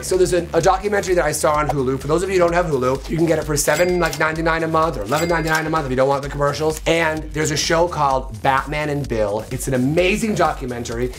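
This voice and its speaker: A man hosting a live comedy podcast, crude, campy and rambling, losing his voice. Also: a little high. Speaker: podcast host. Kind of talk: casual comedic chat. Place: live venue with music playing.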